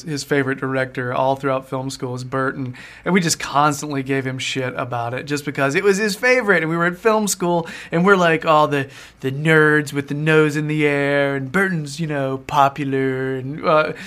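A man's voice: fairly high pitch, fairly bright tone. A young man, hosting a casual podcast and rambling with easy laughs and casual swearing. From American South. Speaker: podcast host.

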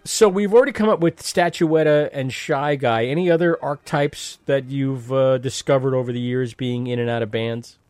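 A man hosting a podcast, chatty and animated, asking questions and swearing casually. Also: mid-range voice, moderate pace, hardly any pauses, dry recording. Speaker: podcast host.

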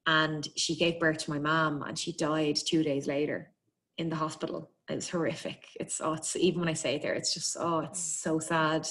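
A woman with an Irish accent, telling a personal story in a quick, chatty way, laughing often and acting out bits of dialogue. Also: low-pitched, fairly even intonation, fairly bright tone. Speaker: guest telling her birth story. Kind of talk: casual storytelling.

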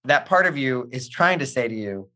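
A man hosting a casual conversation, speaking in a gentle, reflective, coaching way. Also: mid-range voice, expressive, moderate pace. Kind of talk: casual podcast chat.

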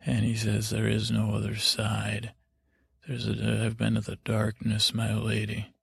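A man's voice: on the low side, completely flat delivery, a little slow, gravelly, husky. A man hosting a podcast, rambling through a drowsy, meandering recap full of fillers and asides. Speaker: podcast host.

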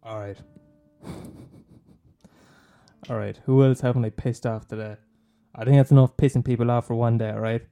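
A man's voice: mid-range voice, steady tone, normal speed, creaky, pauses often, mellow, smooth. An Irish man hosting a podcast, rambling in a casual monologue, swearing, laughing and teasing his listeners. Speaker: podcast host recommending films.

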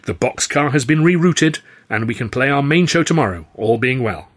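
Courteous, placating troupe leader with a husky voice, voiced by a male narrator. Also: medium pitch, animated, moderate pace, voice pushed up, close to an everyday voice. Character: polite male troupe manager, calm and conciliatory.

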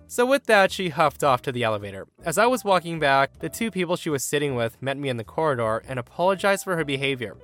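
A man reading an online story aloud in an animated, emphatic way. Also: fairly high pitch, quick pace, hardly any pauses, faint music behind. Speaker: story narrator.

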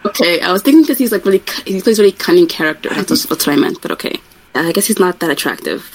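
Fast, hedging woman co-host, lowish voice, casual chat. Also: expressive, rough recording. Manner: rapid, hedging, with many "like"s and restarts. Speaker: podcast co-host. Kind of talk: casual book-club chat.

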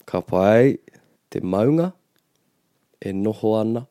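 A man's voice: fairly low pitch, expressive, slow, mellow, no echo, studio quality. A man teaching a language lesson on a podcast, explaining patiently and switching into Māori phrases.

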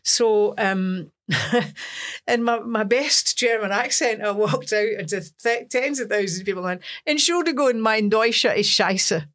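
A Scottish woman from Scotland, a singer as an interview guest, telling lively stories with laughs in casual chat. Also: medium pitch, a little slow. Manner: lively storytelling with laughs and acted-out quotes.

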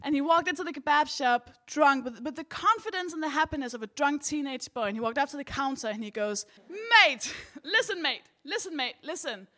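A woman's voice: high-pitched, fast talker, few pauses, fairly bright tone. A woman co-hosting a comedy podcast, telling a stand-up story in a blunt, self-mocking way.

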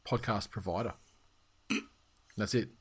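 A man's voice: lowish voice, fairly even intonation, measured pace, husky. A man hosting a podcast, chatting casually with lots of fillers and restarts and the odd swear word. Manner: rambling, swears freely, many fillers and restarts. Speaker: podcast host. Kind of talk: casual chat.

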